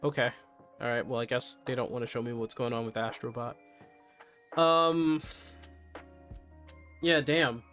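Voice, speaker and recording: A man talks casually on a live stream, candid and a little subdued as he reacts to news and to messages from his chat. His voice sits at a middling pitch, with faint music playing underneath. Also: steady tone, unhurried, long pauses, fairly bright tone.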